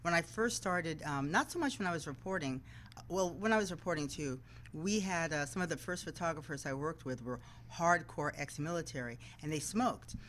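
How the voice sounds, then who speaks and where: A woman's voice: low voice, normal speed, slight background noise, rough recording. A woman who works as a TV news anchor, a guest in a casual interview, telling stories and acting out the voices of people she quotes. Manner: animated, acts out quoted voices.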